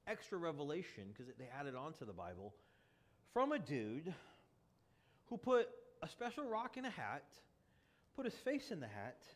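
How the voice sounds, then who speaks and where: A male pastor delivers a sermon with a fairly high, lively voice that swings widely in pitch. He talks to the congregation in a casual, emphatic way, stacking rhetorical questions and restarting phrases as he pushes his point.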